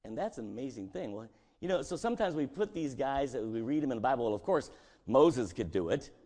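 A man's voice: mid-range voice, sing-song, fairly quick, mellow. A male pastor preaching a conversational sermon and acting out scripture dialogue, in a church sanctuary.

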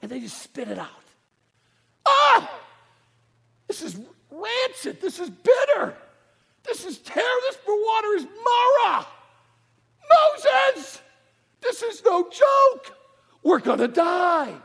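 A man voicing a desperate, thirsty Israelite man in the desert who wails shrill complaints. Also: wildly swooping pitch, slow pace, gravelly, long pauses, sharp tone, full character voice. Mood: panicked.

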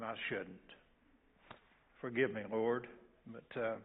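An older man preaching a sermon as pastor, halting and repeating words, with folksy asides. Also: fairly low pitch, flat delivery. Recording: tinny phone-like sound.

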